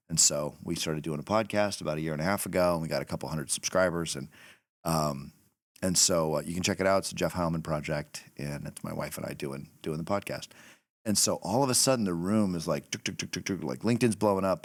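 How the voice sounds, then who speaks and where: A middle-aged man hosting a podcast, telling a story in a casual, animated way and laughing as he goes. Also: sits low, no echo. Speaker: podcast host.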